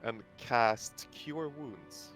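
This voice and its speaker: Male player from Sweden, unhurried and bright, lively questioning delivery at a tabletop game. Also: medium pitch, soft background music. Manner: hesitant, asks many rules questions. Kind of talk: casual tabletop game chat.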